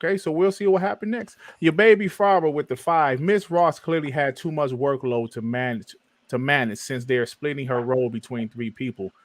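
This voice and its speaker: A man hosting a gaming podcast in casual chat, reading viewer comments aloud with animated swings in pitch. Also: moderate pace, no room sound. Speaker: podcast host.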